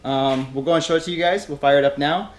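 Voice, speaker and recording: A man's voice: on the high side, fast. Laid-back young man in a garage. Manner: laid-back, chatty, explains as he works. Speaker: car build vlogger. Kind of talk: casual garage vlog walkthrough. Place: home garage, then inside a car.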